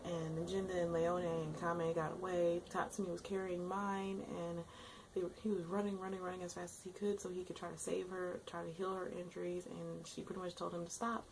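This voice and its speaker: Gravelly-voiced woman gushing over an episode. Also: lowish voice, little pitch movement, brisk, darkish tone, slight background noise, rough recording. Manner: emotional, exclamatory, rambling. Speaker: anime reviewer. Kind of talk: casual vlog recap.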